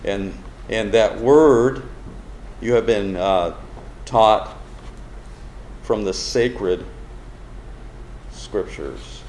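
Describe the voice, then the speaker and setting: A man's voice: fairly low pitch, darkish tone. A man preaching a sermon, explaining a Bible verse word by word and asking the congregation questions as he goes. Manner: slow, deliberate, explains word by word and asks the audience questions. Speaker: pastor. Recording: roomy hall with faint background noise.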